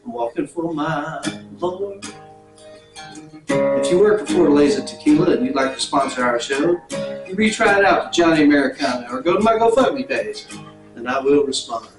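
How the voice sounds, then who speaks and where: A man's voice: fairly high pitch, animated, fairly quick. A man performing stand-up comedy in a mock-preacher style, breaking into song over guitar. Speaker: comedian guest. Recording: roomy, a little distant from the mic, with guitar.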